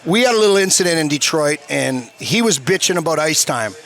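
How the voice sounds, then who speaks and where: A man in his fifties, a former hockey player, telling profane stories in a casual interview at a bar, animated and acting out quotes. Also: on the high side, a little fast. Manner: animated, swears a lot, acts out quotes.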